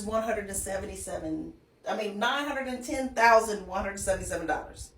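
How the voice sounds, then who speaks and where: A woman's voice: on the high side, far from the mic. A woman casually walking through a mortgage example, often checking in with her listeners as she goes. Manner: conversational, checks in with "okay?" often. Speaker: financial educator. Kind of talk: casual explainer walkthrough. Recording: echoey room, voice off-mic.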